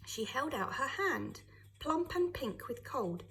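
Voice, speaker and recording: Animated woman reading a story aloud. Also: a little high, unhurried, poor audio. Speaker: teacher. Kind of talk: reading a children's novel aloud.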